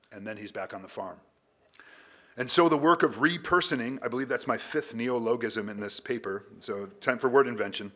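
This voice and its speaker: A man who is a literature professor, reading his conference paper aloud at a measured academic pace and adding a few casual asides. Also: mid-range voice, fairly bright tone.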